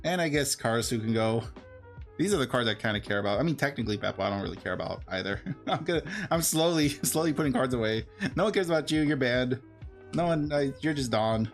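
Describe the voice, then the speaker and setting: A man streaming live, chatting casually and rambling while he opens a box of cards, getting excited and laughing often. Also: mid-range voice, quick pace, faint music behind. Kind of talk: casual livestream chat while opening cards.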